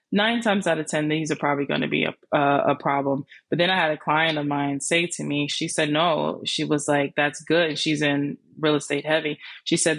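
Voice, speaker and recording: A woman podcast host telling a personal story, animated, acting out the conversations she quotes. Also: deep voice, creaky, no room sound. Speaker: landlord and life coach. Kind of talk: storytelling monologue.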